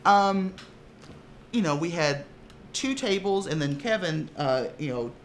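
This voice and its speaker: Chatty man with a higher voice. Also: animated, measured pace, a little hiss or hum. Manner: restarts and repeats words, many fillers. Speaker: tabletop game player and actor. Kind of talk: casual interview chat.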